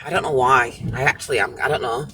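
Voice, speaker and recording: A man's voice: mid-range voice, steady tone, quick pace, sharp tone, slight background noise. A British man vlogging from a parked car, talking to himself in a rambling, restless way with many restarts. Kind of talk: casual vlog monologue.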